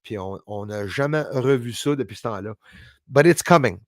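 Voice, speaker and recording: A man's voice: medium pitch, brisk, dry recording, clean studio sound. A man from Montreal, hosting a live stream and casually thanking his viewers as he signs off, switching between French and English. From Montreal, Canada.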